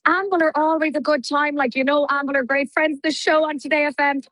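A woman's voice: sits high, fairly even intonation, quick pace, a bit bright, no room sound, low-quality recording. An Irish woman presenting live radio from outdoors, chatty and bubbly, laughing often. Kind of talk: live radio phone-in chat. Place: outdoors in heavy rain at a festival.

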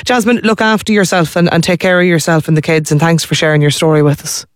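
A man's voice: fairly high pitch, steady tone, quick pace, dry recording, studio quality. An Irish man hosting a radio phone-in, soothing and reassuring, repeating his words as he goes. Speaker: radio host.

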